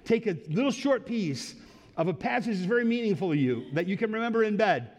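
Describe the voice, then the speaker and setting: A pastor preaching an earnest sermon, dropping low and soft for quoted words and rising for exhortation. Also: male voice, animated, a little fast. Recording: long hall reverb.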